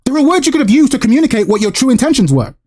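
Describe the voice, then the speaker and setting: A man's voice: very high voice, big pitch swings, very fast, darkish tone. A man hosting a live stream, ranting in exasperation and swearing as he talks with a guest. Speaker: streamer host. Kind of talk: casual live-stream chat.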